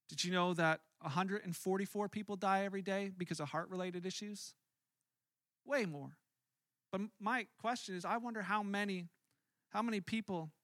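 A man preaching a sermon as a pastor, conversational and animated, acting out his own angry outbursts in stories. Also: high-pitched, no room sound, clean studio sound.

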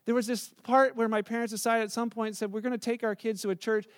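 Pastor, middle-aged man, high voice, dry close sound, relaxed storytelling sermon. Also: fast, dry recording. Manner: conversational, storytelling with asides and restarts.

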